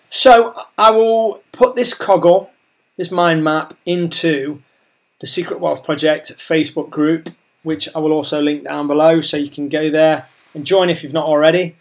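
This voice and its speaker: A man talking casually about his online business plans, rambling and repeating himself as his voice starts to give out. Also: on the high side. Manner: rambling, chatty, repeats words and restarts. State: losing his voice. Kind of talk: casual talk to camera.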